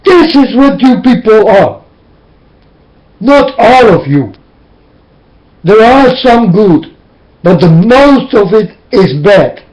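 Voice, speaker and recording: A man's voice: sits high, big pitch swings, takes it slowly, long pauses, darkish tone. A man giving an emotional religious monologue from his room, pleading and preaching as his voice keeps breaking into tears. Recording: dull lo-fi recording.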